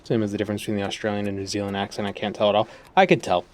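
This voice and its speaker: A man's voice: fairly low pitch, level tone, very fast. A man casually chatting and musing while streaming a game, often trailing off mid-sentence. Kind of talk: casual gaming stream chat.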